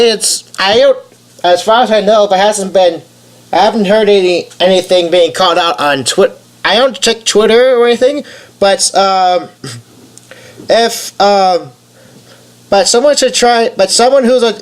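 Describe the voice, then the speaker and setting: Young male YouTuber, nasal, high-ish voice, unhurried, hesitant commentary with lots of ums. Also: fairly bright tone. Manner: hesitant, many fillers and restarts. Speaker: game voice-over YouTuber. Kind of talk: casual rambling commentary.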